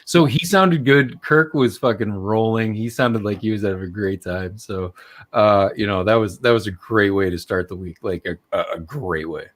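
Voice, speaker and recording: A man's voice: fairly low pitch, moderate pace. A man co-hosting a podcast, talking in dry, sarcastic and profane casual banter. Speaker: podcast co-host.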